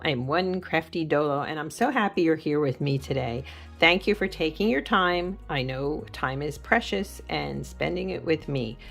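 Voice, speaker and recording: A woman with a notably low voice hosts a casual craft vlog, chatting as she decorates a journal. She rambles with friendly asides and little fillers. Faint music plays under her talk. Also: creaky. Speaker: journaling channel host.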